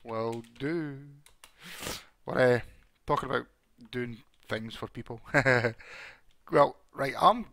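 A Scottish man hosting a Minecraft let's play in casual, excitable commentary, his voice hoarse as it recovers. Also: mid-range voice, slow pace, long pauses. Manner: chatty and excitable, laughs often.

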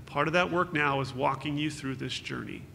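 The pastor's voice is fairly high, pushed and bright, with some vocal fry, at a moderate pace. He delivers an earnest, consoling memorial sermon with scripture quotes, recorded in an echoey hall with a faint hum.

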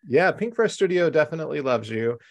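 Upbeat male craft-show host, gravelly. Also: a little high, animated, a little fast. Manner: upbeat, chatty, welcoming. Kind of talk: live-stream craft show hosting. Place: home craft room.

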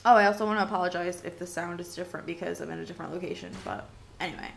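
A woman's voice: on the low side, very fast, vocal fry, slight background noise. A woman hosting a gaming video, chatting to herself and exclaiming as she plays. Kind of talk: casual let's-play commentary.

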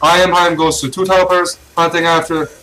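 A man from Canada doing excited play-by-play commentary on a chess stream, cheering and repeating catchphrases. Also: fairly high pitch, a little fast, rough recording.

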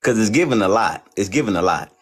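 A man's voice: fairly low pitch, lively intonation, quick pace, fairly bright tone, a little hiss or hum. A man from Oklahoma, a livestream guest, joking in a playful, needling way and repeating his phrases. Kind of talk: comic livestream banter.

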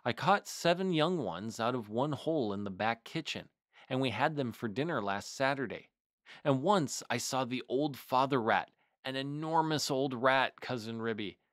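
A man reading aloud and voicing an anxious mother cat, speaking softly and fretfully as if near tears. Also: mid-range voice, lively intonation, normal speed, dry recording, studio quality, natural voice. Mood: tearful. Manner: soft, fretful, tearful.

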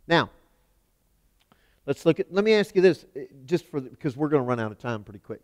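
A man's voice: a little high, big pitch swings, a little fast, pauses often. Emphatic male preacher in a reverberant hall. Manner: emphatic, swings from loud to hushed. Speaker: pastor. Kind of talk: sermon.

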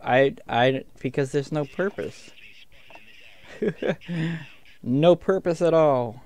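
A man's voice: mid-range voice, takes it slowly, darkish tone. A man gaming with friends, playing a scolding parent in a joking way, stammering and laughing. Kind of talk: casual gaming banter.

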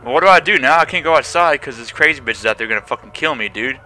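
A man's voice: mid-range voice, animated, fast talker, pushed and bright. A young man hosting a horror game playthrough, jumpy and slangy, swearing and chattering nervously at his desk mic. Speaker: gaming channel host.

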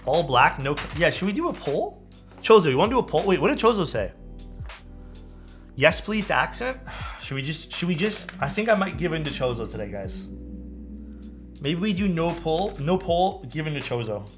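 Casting: animated male streamer, slightly high voice, casual think-aloud chat, faint music underneath. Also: moderate pace. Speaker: streamer building a keyboard.

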